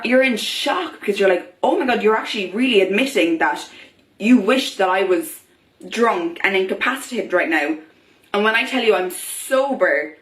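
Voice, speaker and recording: A woman's voice: medium pitch, a bit bright. A young woman vlogging in a chatty way, full of fillers, acting out the voices of people she quotes. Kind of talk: casual talk to camera. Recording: echoey room.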